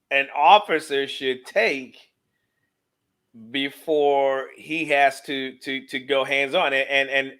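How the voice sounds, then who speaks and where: A man's voice: medium pitch, fairly bright tone. A man co-hosting a casual commentary on a police video, with frequent restarts and fillers. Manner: stammering restarts, many "you know"s. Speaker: co-host.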